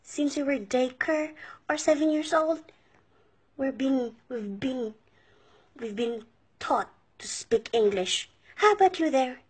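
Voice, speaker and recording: A woman's voice: high-pitched, takes it slowly, long pauses, breathy edge. A Filipino woman from the Philippines scolding in a confrontational rant, throwing in Arabic insults. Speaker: overseas worker vlogger. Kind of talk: angry rant to camera.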